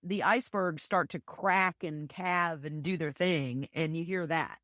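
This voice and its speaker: Chatty low-voiced woman podcast guest. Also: a little slow, a bit bright, no echo, clean studio sound. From Texas. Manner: chatty, enthusiastic storyteller with many fillers. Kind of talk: casual interview chat.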